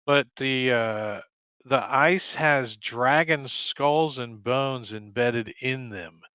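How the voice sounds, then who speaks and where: A man running a tabletop game as game master, describing scenes in an unhurried way with hesitant fillers. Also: mid-range voice, pushed and bright, clean tone, no room sound, muffled recording.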